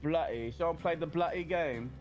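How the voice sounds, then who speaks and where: A man's voice: on the high side, normal speed, highs cut off, natural voice. A man putting on a mock British voice and teasingly repeating phrases. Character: mock British bloke, grumbling about things being dodgy.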